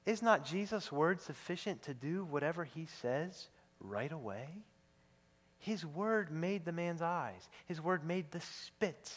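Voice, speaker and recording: A man preaching a sermon as pastor, swinging between hushed low asides and loud emphatic declarations, and asking his listeners questions. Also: animated, unhurried. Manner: questions the congregation, acts out biblical speakers. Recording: long reverb of a large hall.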